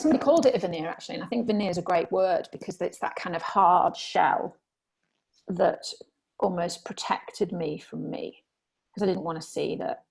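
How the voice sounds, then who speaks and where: A woman speaking candidly as a guest in a reflective conversation, sometimes animated when reenacting her past self. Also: fairly low pitch, vocal fry, husky, rough recording.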